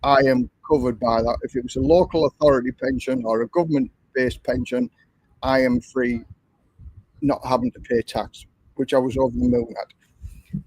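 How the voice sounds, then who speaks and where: A man's voice: medium pitch, animated, moderate pace, gravelly, a little mellow, husky, dry recording, poor audio. An older man with an English accent, telling a long story in a chatty, repetitive way while hosting a livestream. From England. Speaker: livestream host.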